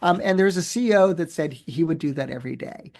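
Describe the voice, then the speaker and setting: A man, a professor and author, answering interview questions in an animated, storytelling way with many fillers and restarts. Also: on the high side, fast talker, vocal fry.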